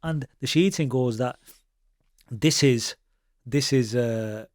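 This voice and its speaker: A man's voice: mid-range voice, slow pace, no echo, clean studio sound. A man, a Sikh preacher telling stories in conversation and mixing Punjabi phrases into his with frequent restarts. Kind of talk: conversational storytelling.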